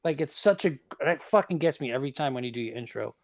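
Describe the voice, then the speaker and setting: Brief: male podcast host, mid pitch, hesitant, casual. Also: animated, fast, creaky, no room sound. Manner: hesitant, trails off.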